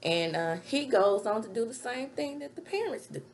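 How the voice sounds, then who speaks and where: A woman recapping a TV show in casual, animated chat from a home webcam setup. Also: fairly high pitch, moderate pace. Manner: chatty, animated, laughs while retelling scenes. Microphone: webcam setup with ring light.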